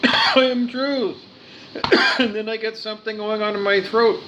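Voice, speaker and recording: A man's voice: sits high, monotone, normal speed, very noisy. A man giving an earnest spiritual monologue, repeating his phrases and stumbling over his words. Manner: earnest, repetitive, with stumbles and restarts.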